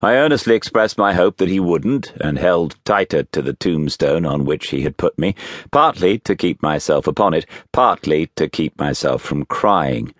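A deep-voiced man narrates a classic novel as an audiobook, telling the story in an expressive, measured way. The recording is studio quality with no echo.

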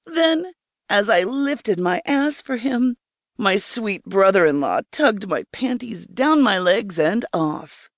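Slow, intimate woman audiobook narrator. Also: medium pitch, animated, dry recording, studio quality. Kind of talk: first-person erotic story narration.

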